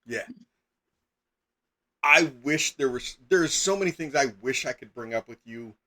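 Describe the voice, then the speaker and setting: A man's voice: mid-range voice, lively intonation, a little slow, pushed and bright. A middle-aged man chatting casually as a game master on a live stream, rambling with lots of fillers and sudden emphatic bursts.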